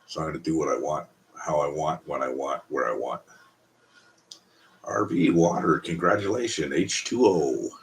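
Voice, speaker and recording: A man's voice: rumbling low, moderate pace. A Canadian man hosting a casual live stream, talking bluntly and profanely in a rambling way.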